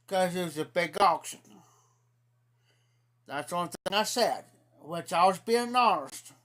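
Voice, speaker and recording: His voice is high and a bit bright, with lively intonation. Drawling in an Ohio accent at a slow pace, he recounts a wandering, indignant story during a casual stream, repeating "I said" throughout.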